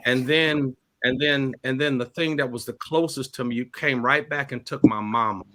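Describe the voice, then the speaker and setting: A middle-aged man with a bright, forceful voice speaks about loss as a talk-show guest. He pauses often and repeats words, his speech halting. His pitch sits in the middle range. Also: slight background noise. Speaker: pastor and guest. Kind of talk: emotional talk-show testimony.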